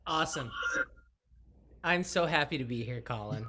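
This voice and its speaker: Soft-spoken, enthusiastic male guest. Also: mid-range voice, animated, normal speed, crowd noise. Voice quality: soft, enthusiastic, searching for words. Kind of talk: casual video chat.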